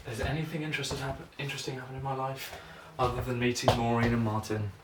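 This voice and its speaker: A man's voice: mid-range voice, flat delivery, quick pace. A young man rambling and musing aloud to himself while practising, easily distracted. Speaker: vlogger. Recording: roomy, distant, noisy.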